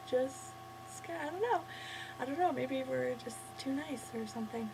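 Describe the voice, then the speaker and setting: A woman's voice: high-pitched, moderate pace, creaky, noisy background. A Canadian woman ranting casually to her camera, rambling and interrupting herself as she goes. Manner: rambling, chatty, self-interrupting. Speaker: vlogger.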